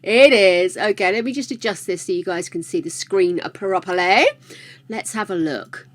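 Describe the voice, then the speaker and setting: A woman's voice: fairly low pitch, moderate pace. A woman hosting a livestream, chatting casually with viewers, laughing often and greeting them by name. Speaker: livestream host.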